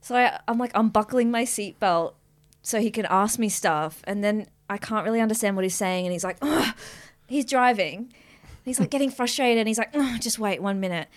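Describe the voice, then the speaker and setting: A woman co-host spins a lively anecdote, jumping into quoted voices and laughing along the way. Her speaking voice sits at a middling pitch. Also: fairly quick. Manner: animated storyteller, acts out quotes, laughs often. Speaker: podcast co-host. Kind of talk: casual chat.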